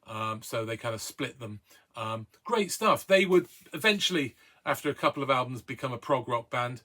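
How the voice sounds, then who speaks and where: A man talks through his record collection in a loose, rambling way, full of ums and uhs. His voice is bright and forward, pitched in a middling range. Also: animated, normal speed. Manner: hesitant, many ums and uhs, chatty. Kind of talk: casual record review.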